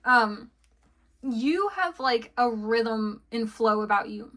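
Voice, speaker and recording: A woman's voice: fairly high pitch, lively intonation, slow pace, fairly bright tone. A woman giving a casual tarot reading, chatty and giggly, full of fillers and friendly asides. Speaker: tarot card reader.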